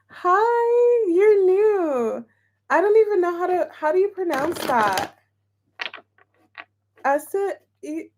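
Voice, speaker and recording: Young woman, tarot reader, casual chatty stream, bubbly and giggly, slow unhurried talk, slightly high pitch. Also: noisy background. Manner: bubbly, chatty, laughs often. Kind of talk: casual live-stream chat.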